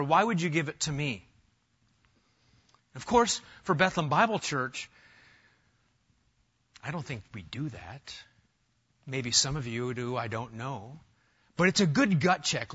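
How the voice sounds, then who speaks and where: A man preaching an animated sermon in a church, acting out quoted voices as he goes. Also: a little high, moderate pace, breathy edge. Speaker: pastor. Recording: dull lo-fi sound.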